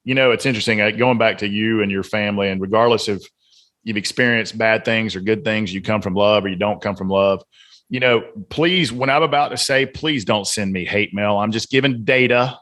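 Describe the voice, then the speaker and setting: A guest author and coach from Atlanta, Georgia speaks on a casual podcast in an earnest, emphatic, lecturing style. His voice is fairly low and fairly bright, and he talks briskly.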